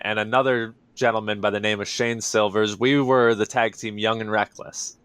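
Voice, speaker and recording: A man in a casual interview, telling his story with lively enthusiasm and frequent fillers. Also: mid-range voice, clean tone, no room sound. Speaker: wrestler, interview guest.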